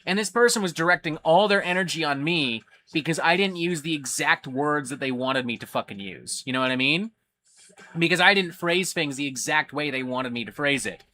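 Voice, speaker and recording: A man's voice: on the high side, moderate pace, bright, forceful tone, slight background noise. A man hosting a casual livestream, ranting animatedly with lots of swearing. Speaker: livestream host.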